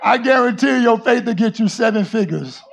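A male pastor preaching a sermon, often shouting to his congregation and calling on them to answer. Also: very high voice, lively intonation, moderate pace, creaky, a little hiss or hum.

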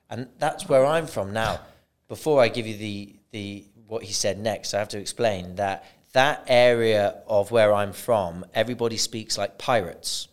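A middle-aged British man hosting a podcast interview with a lowish, clear, resonant voice. He chats easily and tells stories with animation. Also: moderate pace. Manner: conversational storyteller, animated in anecdotes. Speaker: podcast host.

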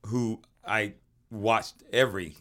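A man co-hosting a casual podcast chat, joking and telling animated stories. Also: fairly low pitch, slow pace. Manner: jokey, animated storyteller. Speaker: podcast co-host.

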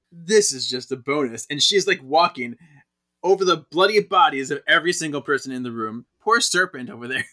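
A man's voice: fairly high pitch, pushed and bright. A man co-hosting a podcast, casually narrating comic panels and laughing often as he talks. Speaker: podcast co-host. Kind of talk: casual chat, recapping a comic.

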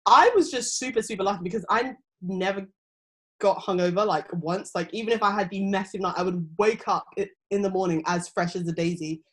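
A woman's voice: medium pitch, fairly quick, fairly bright tone. Rambling young woman telling stories. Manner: rambling storytelling with many fillers. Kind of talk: casual chat.

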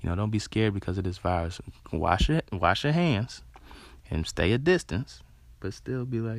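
Speaking in a very low, gravelly voice with lively intonation and a moderate pace, a man gives an earnest, casual, rambling motivational talk. He says "you know" a lot and swears freely, and the audio is close and dry with no echo.

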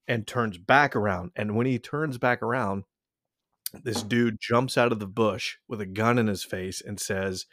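Low-voiced man telling a profane story. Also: moderate pace, a bit bright, no room sound, studio quality. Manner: profane, rambling, full of restarts. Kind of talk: casual storytelling.

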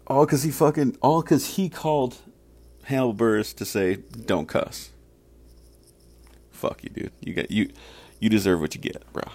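A man's voice: medium pitch, steady tone, normal speed, darkish tone. A man hosting a solo podcast, ranting casually with heavy profanity and rambling asides. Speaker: podcast host.

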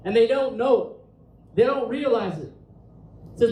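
A man's voice: extremely high pitch, expressive, a little slow, long pauses, mellow, slight background noise. A male pastor preaching a Pentecost sermon, reading scripture aloud with impassioned emphasis. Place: church sanctuary. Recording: echoey church room, distant mic.

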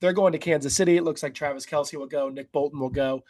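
A man co-hosting a sports podcast, leading the game preview in a relaxed, conversational way. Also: a little high, fast talker. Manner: relaxed and conversational, says "like" and "uh" a lot. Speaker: co-host running the game preview. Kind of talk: casual sports podcast chat.

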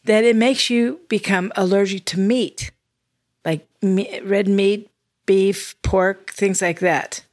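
A woman's voice: mid-range voice, steady tone, slow pace, no room sound, studio quality. An older woman co-hosting a podcast, chatty and self-deprecating in casual conversation. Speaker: podcast co-host. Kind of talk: casual chat.

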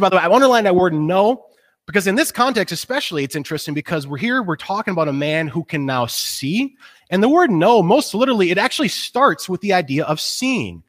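A man preaching a sermon, retelling a story in a casual, conversational way and acting out the people's lines. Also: a little high. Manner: animated storytelling, acts out quoted voices. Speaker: pastor.

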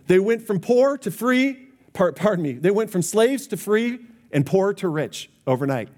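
Pastor, man, slightly high voice, earnest sermon delivery straight to the congregation. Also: sing-song, moderate pace, darkish tone. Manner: earnest, direct address to congregation.

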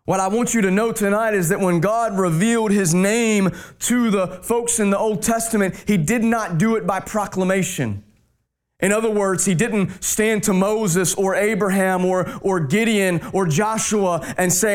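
A man pastor preaching a sermon, dropping his voice low and slow on key words for emphasis. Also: steady tone.

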